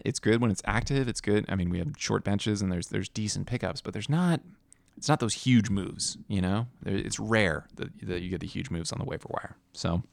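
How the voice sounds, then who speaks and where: Weary young male podcast host, low gravelly voice, dry close sound, talks in loose restarts. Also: no room sound. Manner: rambling, self-correcting, yawning and tired. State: tired. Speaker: fantasy football league podcast host. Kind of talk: casual solo podcast commentary.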